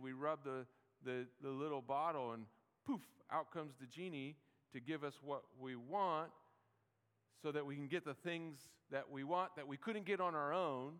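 A man's voice: fairly high pitch, fairly bright tone. A middle-aged man preaching a sermon in a conversational way, with many rhetorical questions and small restarts. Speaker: pastor. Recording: reverberant hall.

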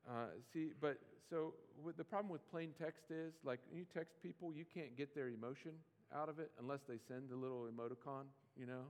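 A man with a fairly high voice preaching to his congregation, loose and conversational, slipping into playful mock pleading now and then. His voice carries a long reverb from a large church hall. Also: fairly even intonation, fairly quick, hardly any pauses. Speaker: pastor. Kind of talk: sermon.

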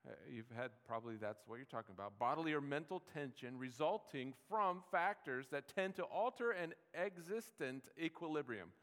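A man's voice: on the high side, expressive, normal speed, few pauses, fairly bright tone. A man giving a sermon as pastor, in a conversational, easygoing way with restarts and joking asides. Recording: long hall reverb.

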